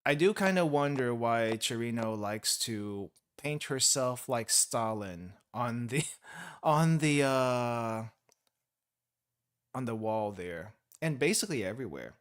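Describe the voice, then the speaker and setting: Over game music, a young streamer talks through his gameplay, often laughing, wandering off topic and correcting himself. His medium-pitched voice is clear and resonant, animated, though he takes it slowly.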